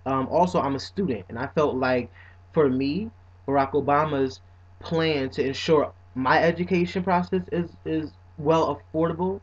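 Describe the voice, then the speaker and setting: A young man talks casually straight to camera, switching between playful joking and earnest points. His voice sits fairly high for a man. The audio is dull and lo-fi. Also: normal speed. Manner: playful and animated, then earnest, with frequent "you know what I'm saying". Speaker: vlogger. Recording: dull lo-fi recording.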